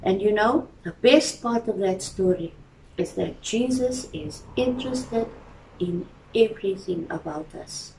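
A woman reading a children's story aloud in church and speaking gently to the children. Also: medium pitch, a little slow, creaky, roomy sound, distant mic, slight background noise, low-quality recording. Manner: gentle, addresses children directly.

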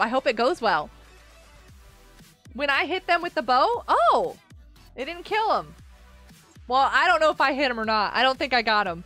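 A high, bright woman's voice streaming a game and chatting with her viewers. She is excitable and gasps and exclaims while playing, and her pitch swoops widely. Faint music plays underneath. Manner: excitable, gasping and exclaiming, talking to chat. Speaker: gaming streamer. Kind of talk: live gameplay commentary chatting with viewers.

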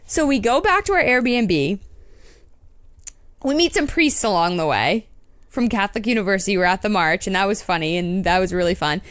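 An animated woman, a podcast co-host, tells a story in casual chat and acts out the voices she quotes. She has a medium pitch and normal speed, with no room sound.

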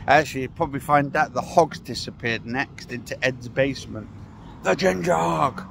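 A man with a gravelly, creaky voice rambles through a sarcastic rant as he walks outside, sighing and swearing along the way. His voice sits at an ordinary pitch. Faint traffic and outdoor noise hum behind him. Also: moderate pace, a bit bright. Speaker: vlogger. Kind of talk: casual ranting walking vlog. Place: outdoors on a walk.

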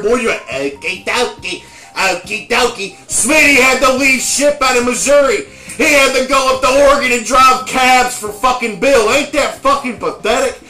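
A man with a high, sharp, bright voice rants in crude, heated taunts. He sounds like a fan vlogger trash-talking a rival team's supporters. The room is echoey, with faint music underneath. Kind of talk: profane trash-talk rant. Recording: roomy echo with faint music.

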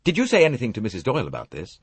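A man's voice: mid-range voice, huge pitch swings, rapid-fire, vocal fry, slightly rough, no room sound, voice pushed up, exaggerated voice. A man voicing an earnest, flustered young husband in an audiobook.

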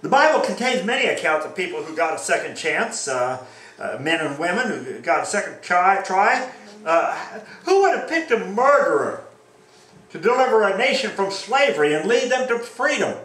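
A man preaching a sermon as pastor, reading scripture aloud and acting out the quoted lines with animated delivery. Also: high voice, normal speed, reverberant, recorded from a distance, low-quality recording.

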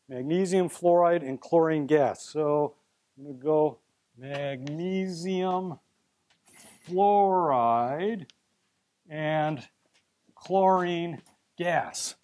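Middle-aged male chemistry professor with a high voice, playful and theatrical, lecturing a live class. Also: darkish tone. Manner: playful, theatrical, coaxing students up as volunteers.

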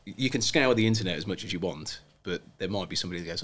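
A man hosting a podcast in a relaxed, appreciative, conversational way. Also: sits low, racing, a little hiss or hum. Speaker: podcast host. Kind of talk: casual podcast chat.

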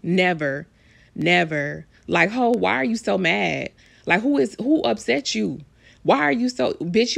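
Gravelly-voiced woman ranting about gossip. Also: mid-range voice. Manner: blunt, profane, emphatic ranting. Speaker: vlogger commenting on celebrity news. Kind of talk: casual celebrity gossip commentary.

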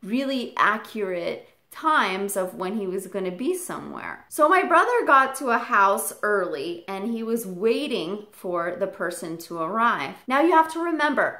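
Woman vlogger, storyteller, lively and direct to camera, bright tone, roomy sound. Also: on the high side. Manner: animated, speaks straight to the viewer. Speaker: parrot channel vlogger. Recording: echoey room.

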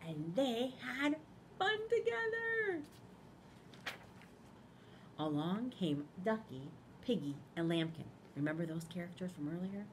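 A woman principal reading a picture book aloud to children in a school library, expressive, pausing to ask them questions. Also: fairly low pitch, a little hiss or hum.

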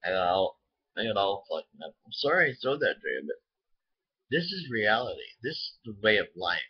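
A man's voice: fairly low pitch, very animated, fairly quick, slightly rough, dull audio. A man ranting to the camera from his home, heated and rambling, swearing often. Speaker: vlogger. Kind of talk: angry political rant to camera.

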